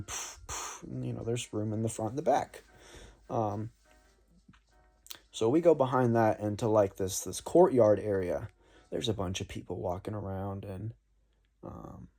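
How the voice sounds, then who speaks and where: Young man, warm mellow voice, rambling casual storyteller. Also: fairly low pitch, gravelly, husky. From North Florida. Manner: rambling, laid-back, many fillers and "man". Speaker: saxophone player telling a story.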